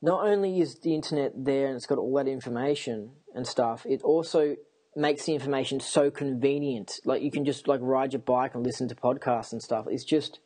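A man talking to camera in a rambling personal monologue, excitable and often repeating himself. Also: medium pitch, brisk, husky. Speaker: vlogger.

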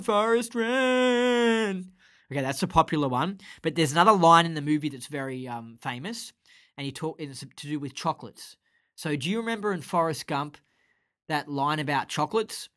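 Male vlogger, slightly high pitch, animated and excitable, rhetorical delivery. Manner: animated, full of rhetorical questions. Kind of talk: excited explainer monologue.

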